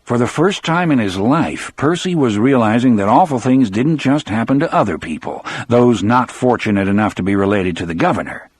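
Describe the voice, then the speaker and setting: A man's voice: medium pitch, animated, normal speed, few pauses, slightly rough, dry recording. A man narrating an audiobook in the first person, with a dramatic storyteller delivery.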